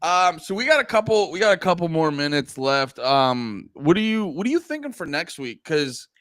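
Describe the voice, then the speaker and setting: A man's voice: on the high side, moderate pace, no echo. A man co-hosting a podcast in casual, crude banter, joking and filling his talk with "like.". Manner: lively, joking, lots of fillers. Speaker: podcast co-host.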